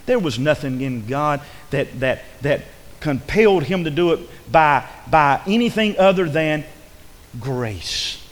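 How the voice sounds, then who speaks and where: A man preaching a sermon in a folksy, repetitive way, swinging between loud emphasis and hushed asides. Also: on the high side, animated, unhurried. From rural upbringing. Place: church. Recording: long hall reverb.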